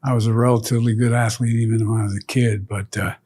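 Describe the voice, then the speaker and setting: An older man, a guest, recalling childhood stories in a relaxed conversation, often dropping to a low murmur. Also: fast talker, slightly rough. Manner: reflective anecdotes, trailing to a low murmur. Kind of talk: storytelling in conversation.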